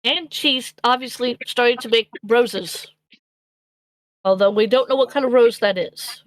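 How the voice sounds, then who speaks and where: A woman's voice: fairly high pitch, measured pace, no echo, poor audio. A woman playing a tabletop role-playing game over voice chat, describing her character's actions with many fillers and restarts. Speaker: player.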